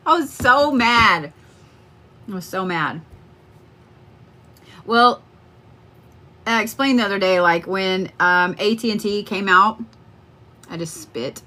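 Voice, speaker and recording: A woman's voice: mid-range voice, slow pace, pauses often, bright, forceful tone. A middle-aged woman hosting a live stream as a psychic card reader, chatting casually and rambling to viewers with plenty of swearing. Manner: chatty, rambling and freely profane.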